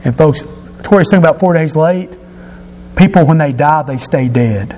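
A pastor preaching a sermon to his congregation, emphatic and rising to shouts at his key points. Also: on the high side, moderate pace, slight background noise. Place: church sanctuary. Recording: long reverb of a church hall.

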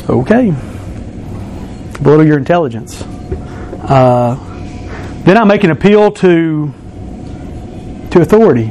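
Thirties male pastor, playful banter-heavy preaching, high pitch, faint hiss behind. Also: animated, moderate pace, pauses often, a little mellow. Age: 30s. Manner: playful, teasing, banters with the congregation. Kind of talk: sermon with object lesson. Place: church.

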